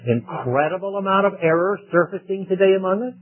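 A man preaches a sermon in a plain, conversational way and keeps asking his listeners rhetorical questions. His voice sits a little high and sounds husky. The sound is thin and boxy, like a radio broadcast heard over a phone line. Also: fairly quick.

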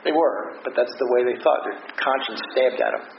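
A man preaching a sermon to a congregation, earnest and emphatic, stretching key phrases slowly and letting his pitch rise and fall. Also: gravelly. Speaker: pastor. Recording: dull roomy recording with noise.

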